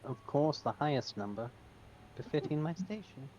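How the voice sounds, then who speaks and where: A man's voice: a little high, lively intonation, moderate pace, a little mellow, highs cut off, slight background noise, lightly acted. A man voicing a haughty, regal pampered cat with a grand, self-important drawl.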